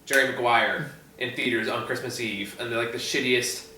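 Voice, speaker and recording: Male movie reviewer, casual rambling storyteller, bright tone, roomy far-off mic. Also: medium pitch, fairly even intonation, moderate pace, slight background noise. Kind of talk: casual chat.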